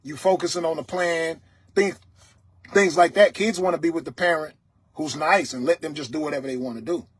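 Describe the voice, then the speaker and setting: Loud, stern man preaching to his viewers. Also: on the high side, fairly quick, breathy edge, no echo. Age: adult, father of several children. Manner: dialect grammar, repeated "you understand me?". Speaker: livestream host. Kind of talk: motivational talk to viewers.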